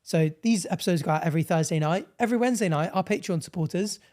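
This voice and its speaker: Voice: mid-range voice, quick pace, warm tone. A co-host in casual podcast chat, chatty and opinionated, plugging the show.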